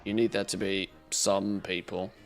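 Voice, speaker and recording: A man's voice: sits low, level tone, a little slow, soft background music. Joking man streaming a game. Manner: joking, swearing, loose chatter while playing. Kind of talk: casual live-stream commentary.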